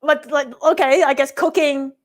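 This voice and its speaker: A young woman co-hosting a casual chat, blunt and opinionated, with quick asides. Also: high voice, steady tone. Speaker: YouTube co-host.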